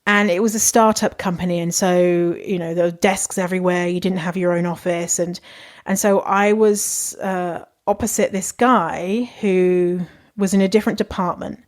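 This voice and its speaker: A woman's voice: fairly low pitch, steady tone, normal speed. A young adult woman hosting a podcast, giving casual advice in a candid, chatty way, swearing freely and laughing often. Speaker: podcast host.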